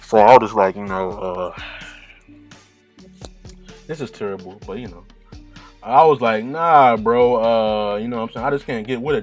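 Rambling, profane man hosting a podcast. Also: lowish voice. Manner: casual, profane, rambling with many fillers. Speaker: podcast host.

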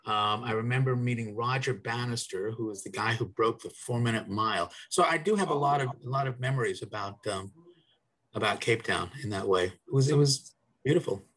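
A man's voice: mid-range voice, fairly quick, a bit bright. A man from South Africa, middle-aged or older, talking as a guest on a podcast in a rambling way, with restarts and fillers. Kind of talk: casual interview chat.

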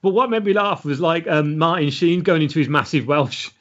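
A man chats casually as co-host of a film podcast, reading out trivia in a dry, matter-of-fact way. His voice sits a little high for a man. The recording sounds muffled and lo-fi. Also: fairly quick, fairly bright tone. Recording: dull lo-fi sound.

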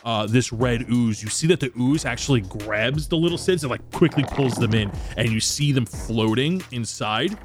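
A man's voice: mid-range voice, expressive. Male game master, casual narration, music bed. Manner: descriptive, slow for effect, casual with fillers.

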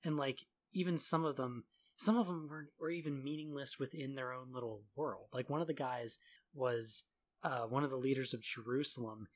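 A man's voice: medium pitch, normal speed. A man in casual chat about a video game, sarcastic and laughing often as he mocks the characters' lines.

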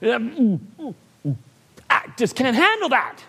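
A man preaching a sermon in church, animated and often asking for an "Amen". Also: very high-pitched, very slow, vocal fry, husky.

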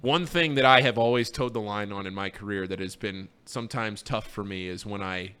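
A man's voice: lowish voice, fairly quick, pushed and bright, clean tone. A man hosting a casual sports radio show, calling a race like play-by-play and speaking earnestly when he looks back on his time there. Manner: earnest and sincere when reflecting. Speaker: radio host.

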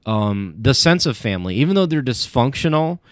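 A man's voice: medium pitch, very animated, a little fast, no echo. A man chatting casually on a podcast, rambling with many fillers and restarts as he tells stories. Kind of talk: casual chat.

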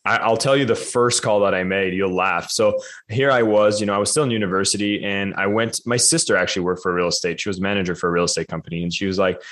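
A man with a fairly low voice tells his story as a guest on a podcast. He talks with animated energy and acts out the other people in it. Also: fast. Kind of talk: casual storytelling in a podcast interview.

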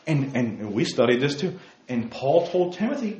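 A man leading a Bible study in a fiery preaching style, emphatic, firing off rhetorical questions and leaping to near-shouts. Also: medium pitch, sing-song, moderate pace. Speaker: Bible teacher. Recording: roomy, dull lo-fi sound.

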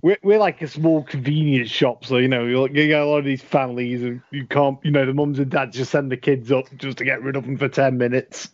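A man's voice: mid-range voice, fairly even intonation, a little fast, hardly any pauses. A man, chatting and giggling through a film with a few stammered restarts. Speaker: podcast guest. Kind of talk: casual live-watch banter. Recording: dull lo-fi podcast audio.

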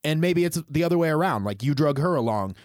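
A man's voice: a little high, lively intonation, fast talker, darkish tone, no echo, clean studio sound. A man co-hosting a podcast in casual chat, blunt and profane, often chiming in to agree. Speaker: podcast co-host.

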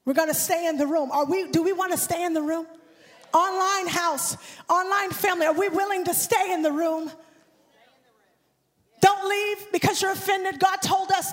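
A woman preaching as a guest speaker in a church, building fervently and breaking into shouts and a sung cadence on a handheld microphone. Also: very high-pitched. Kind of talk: impassioned sermon. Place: church sanctuary. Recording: long church hall reverb.

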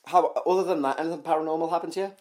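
A man's voice: on the high side, steady tone, rapid-fire, a little mellow. A man co-hosting a podcast, chatting casually and joking through ranting tangents. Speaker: podcast co-host. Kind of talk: casual chat.

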